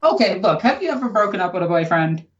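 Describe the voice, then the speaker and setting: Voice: mid-range voice, animated, fast talker, muffled recording. A podcast host with a New York accent, sarcastic and mock-dramatic in casual chat.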